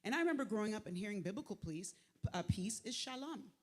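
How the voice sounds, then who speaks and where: A talkative speaker in their forties tells stories from a live stage at an inspirational faith event. The voice sits in a middle pitch, and a long reverb from the large hall trails behind each phrase. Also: fast talker. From Montreal, Canada. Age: 40s. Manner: talkative, animated storytelling.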